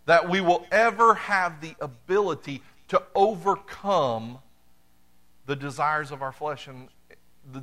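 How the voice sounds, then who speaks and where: A middle-aged man delivering a sermon at an unhurried pace. His voice is bright and fairly high for a man. He speaks straight to his congregation, mixing plain talk with dry humor. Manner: conversational preaching with dry humor, addresses congregation directly. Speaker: pastor.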